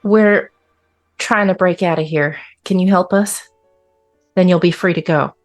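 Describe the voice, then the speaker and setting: A woman's voice: fairly low pitch, a little slow, soft background music. A woman playing her character in a tabletop game, speaking directly and friendly. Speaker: player.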